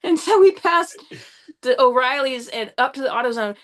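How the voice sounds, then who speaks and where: A young woman with a fairly high voice tells a story on a podcast. She is animated and quick to swear, rushing through the details as she goes. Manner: excitable, swears often, rushes through the story. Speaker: podcast guest.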